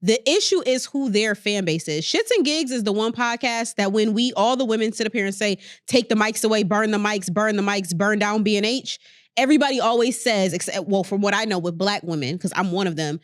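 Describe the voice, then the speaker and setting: A woman's voice: mid-range voice, fairly quick, no echo, studio quality. A woman co-hosting a podcast, arguing her point bluntly and swearing freely in casual debate. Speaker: podcast co-host.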